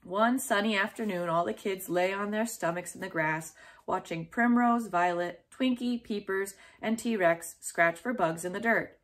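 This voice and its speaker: A woman's voice: medium pitch, measured pace. Woman reading a children's storybook aloud.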